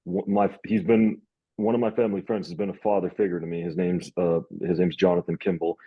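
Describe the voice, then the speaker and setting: Young male host, deep husky voice, rambling storyteller, lo-fi recording. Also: level tone, fairly quick, dry recording. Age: young adult. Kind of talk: casual interview.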